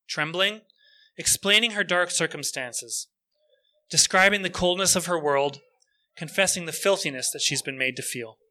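An earnest male preacher retelling a story for his sermon. His voice is high and very bright, and he slows down on key phrases.

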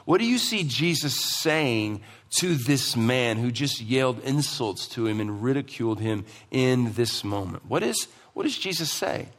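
A man's voice: mid-range voice, lively intonation, a little slow, few pauses, a bit bright. A man preaching a sermon as pastor, emphatic and asking the congregation questions, in a church hall. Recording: long hall reverb.

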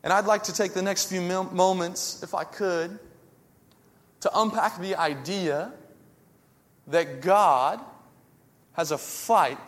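High-voiced pastor in a reverberant hall. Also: male voice. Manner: humorous storytelling, lively and self-mocking. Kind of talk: sermon.

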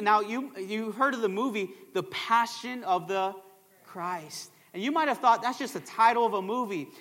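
High bright-voiced pastor in a reverberant hall. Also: male voice. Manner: energetic, calls to the crowd with "come on, somebody" and "all right?". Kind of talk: sermon. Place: church. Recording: long church hall reverb.

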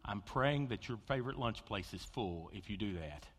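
A man preaching a sermon, telling stories with big swings between loud excitement and hushed intensity. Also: lowish voice, moderate pace, background noise. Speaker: pastor. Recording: long hall reverb.

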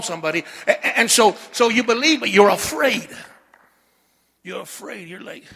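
High bright animated male preacher. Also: gravelly, big-room sound. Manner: animated preaching with call-and-response asides. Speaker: pastor. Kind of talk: sermon.

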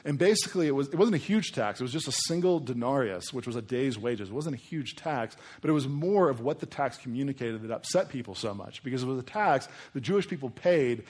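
A man's voice: mid-range voice, expressive, fairly quick, hardly any pauses, darkish tone, husky. A man preaching a sermon in a casual, conversational way, with frequent asides to his congregation. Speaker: pastor.

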